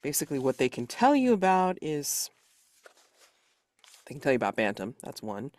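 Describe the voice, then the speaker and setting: A man's voice: mid-range voice, huge pitch swings, normal speed, a little mellow. A man narrates as game master of a tabletop game, talking in a casual, rambling way full of fillers. The sound is close and dry, with no room echo.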